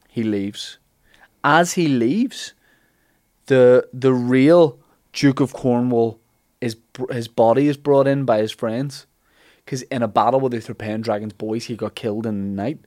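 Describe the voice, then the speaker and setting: A man retelling an old legend as comic chat, acting out the characters' lines in animated bursts. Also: medium pitch, a little slow, no room sound. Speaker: podcast host telling a legend.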